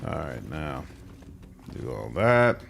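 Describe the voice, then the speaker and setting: A man's voice: extremely low pitch, big pitch swings, slow pace, gravelly, fairly bright tone. A man streaming a role-playing game, chatting casually in a laid-back way and reading game text aloud. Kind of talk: casual gaming commentary. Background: faint game music.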